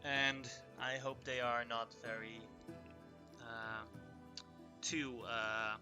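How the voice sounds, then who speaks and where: A man voicing a proud king of an island of exiles who negotiates firmly, halting on fillers. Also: medium pitch, flat delivery, over music. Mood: negotiating. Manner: bargaining firmly with hesitant fillers.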